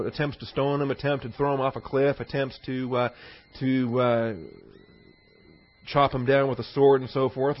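Man teaching a conversational sermon. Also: mid-range voice. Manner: conversational, digressive teaching with anecdotes and chuckles. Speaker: pastor. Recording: slightly dull lo-fi sermon recording.

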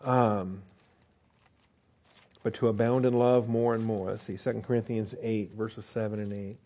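A man's voice: fairly low pitch, little pitch movement, a little slow, dark tone, muffled recording. A man teaching a verse-by-verse Bible study in a casual, conversational way, with frequent fillers, restarts and "okay?" checks. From United States.

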